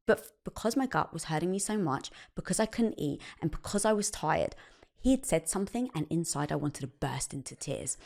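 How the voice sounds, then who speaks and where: A woman speaking as a podcast guest in casual conversation, telling personal stories with animated, acted-out dialogue. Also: low voice, fairly quick, gravelly. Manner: animated storytelling, acts out quoted dialogue.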